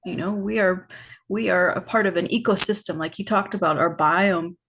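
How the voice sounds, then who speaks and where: A woman guest on a podcast, telling a personal story in a reflective, unhurried way with many fillers. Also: lowish voice, steady tone, fairly bright tone, slight background noise. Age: adult, older than her teen years. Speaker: podcast guest, healing facilitator. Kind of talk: personal storytelling in casual conversation.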